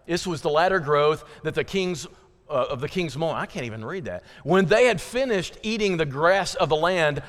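High-voiced preacher in an echoing hall. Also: male voice, lively intonation, normal speed. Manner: dramatic, swings between loud pleading and hushed emphasis. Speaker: pastor. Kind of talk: sermon.

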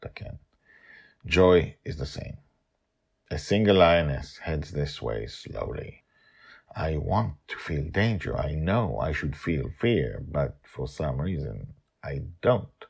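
Deep, gravelly older male storyteller. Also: slow pace. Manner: lively, animated storytelling. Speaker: storyteller and podcast host. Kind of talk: storybook narration.

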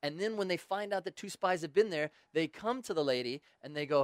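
Male preacher, slightly high voice, chatty storytelling, dry close sound. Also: lively intonation, fairly quick, no echo. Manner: casual storytelling with joking asides. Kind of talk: sermon.

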